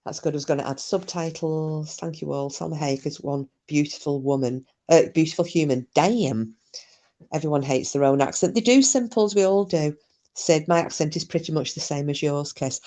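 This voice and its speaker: Scottish woman, low voice, livestream host, chatty, teasing, reads chat aloud. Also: normal speed, warm tone. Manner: chatty and teasing, mild swearing. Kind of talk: casual livestream chat reading comments aloud.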